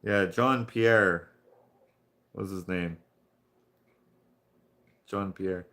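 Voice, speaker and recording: A Canadian man chatting casually on a live painting stream, meandering from one anecdote to the next. His voice is lowish and gravelly, with plenty of fry. He chuckles as he talks. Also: very slow, a bit bright. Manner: rambling storyteller, chuckling. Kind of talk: casual chat while painting.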